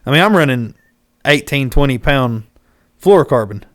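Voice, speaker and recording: A man, hosting a podcast and telling a fishing story in casual chat, animated and acting out what people shouted. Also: medium pitch, moderate pace, no room sound, studio quality. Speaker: podcast host.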